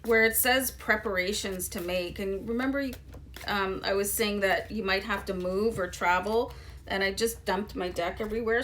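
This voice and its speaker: A woman's voice: medium pitch, moderate pace, fairly bright tone, a little hiss or hum. Chatty woman giving a tarot reading. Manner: chatty, loose, lots of "you know" and "um". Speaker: tarot reader. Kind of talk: casual tarot reading to viewers.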